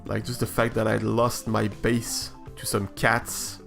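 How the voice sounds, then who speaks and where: A man's voice: on the low side, flat delivery, a little slow, gravelly, a bit bright, faint music behind. A man streaming a building game, talking over his play in a hesitant, reflective way with many restarts. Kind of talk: casual live-stream chat while building.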